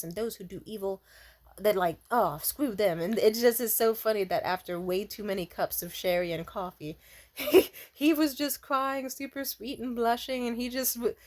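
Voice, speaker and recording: A young woman vlogger telling a story in a rambling, casual way, full of fillers and restarts, laughing often and swearing bluntly. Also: a little high.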